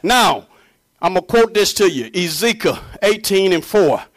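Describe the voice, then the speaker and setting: A fervent male preacher with a fairly high voice for a man. He swings from booming, shouted declarations down to low, hushed murmurs. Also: expressive, moderate pace. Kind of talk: sermon.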